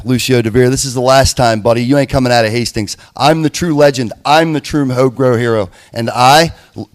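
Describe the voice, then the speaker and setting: A man's voice: medium pitch, brisk. Folksy trash-talking male wrestler. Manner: folksy, rhyming insults, calls his rival "buddy".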